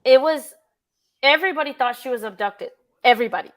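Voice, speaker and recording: Woman, livestream host, slightly high voice, casual true-crime chat, swears, reads chat. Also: a little fast.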